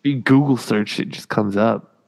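A man's voice: lowish voice, normal speed, vocal fry. A man co-hosting a podcast in casual banter, swearing freely and acting out what other people said. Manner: profane, animated storyteller who acts out quotes. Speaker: podcast co-host.

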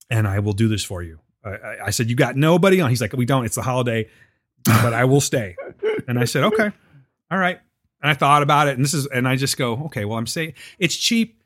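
In casual chat, a medium-pitched man tells a story, swearing freely and animatedly acting out what other people said. The recording is clean studio quality with no room sound.

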